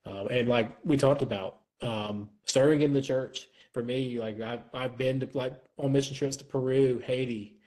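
A man's voice: medium pitch, fairly even intonation, moderate pace, few pauses, a little mellow, rough recording. A man who is a guest on a podcast, speaking in an earnest, reflective way and repeating words as he thinks. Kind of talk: casual chat.

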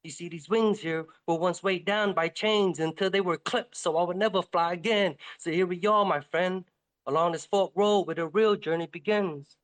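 A man's voice: high voice, fairly even intonation, normal speed, fairly bright tone. A man voicing an old, wise male raven with clipped wings, speaking in a solemn, archaic manner.

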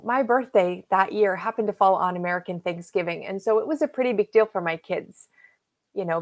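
A woman in her fifties, an interview guest, telling a personal story with emotion and acting out what people said to her. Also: mid-range voice. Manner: emotional, animated retelling with acted-out quotes.

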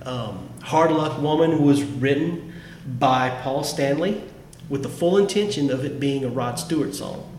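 A man's voice: mid-range voice, measured pace, a little mellow. A man on a podcast, talking casually and with enthusiasm about favorite songs, often restarting his sentences. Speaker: podcast host. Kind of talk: casual music chat. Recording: echoey room, faint background noise.

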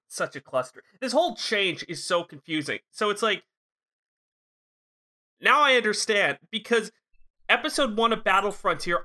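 A podcast co-host with a mid-range voice and a bright, forward tone. The talk is casual and quick to tease. Swearing comes easily. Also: medium pitch. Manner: chatty, swearing, teasing. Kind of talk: casual chat.

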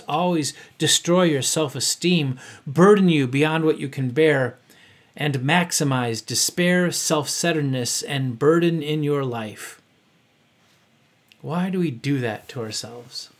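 A man preaches an earnest sermon in a fairly high voice. He reads from his notes and drops in the odd offhand aside. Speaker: pastor.

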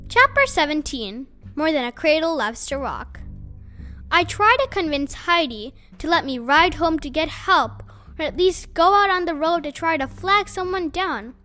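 A woman reading a children's novel aloud, telling the story in a gentle, unhurried way. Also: high-pitched.

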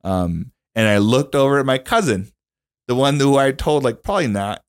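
A man's voice: mid-range voice, animated, moderate pace, clear, resonant tone, no echo, clean studio sound. A young man as a podcast guest, telling a personal story in casual chat, rambling and emotional with many fillers and restarts.

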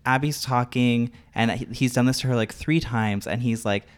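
A man co-hosting a casual podcast, chatting and retelling a talk show segment with lively quoted lines. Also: mid-range voice, moderate pace, hardly any pauses. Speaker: podcast co-host.

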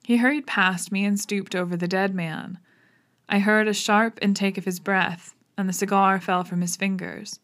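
A woman narrating an audiobook in a measured, even reading voice. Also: medium pitch. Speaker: audiobook reader. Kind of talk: scripted narration of a classic detective novel.

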